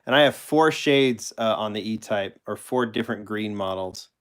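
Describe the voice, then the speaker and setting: Male streamer, lowish voice, loose, rambling chat with frequent self-corrections. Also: normal speed, fairly bright tone, smooth. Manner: rambling, self-correcting, answers chat questions while showing toy cars. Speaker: host of a live collector stream. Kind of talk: casual live-stream chat.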